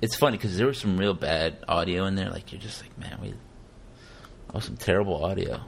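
A man's voice: low voice, moderate pace, creaky, slight background noise. A man hosting a podcast, chatting casually and joking, laughing often. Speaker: podcast host.

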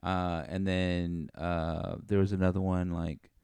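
A man with a very deep, gravelly yet smooth voice, co-hosting a casual chat. He teases and cracks sarcastic jokes. The sound is dry and close. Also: level tone, slow, a little mellow, dry recording. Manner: joking, teasing, dry sarcasm.

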